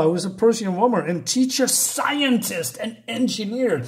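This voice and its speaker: Man, comic reviewer, mocking and sarcastic, slightly higher voice. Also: expressive, moderate pace.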